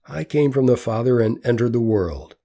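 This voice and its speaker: A man voicing a gentle, solemn male teacher who speaks in a slow, measured way. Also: medium pitch, expressive.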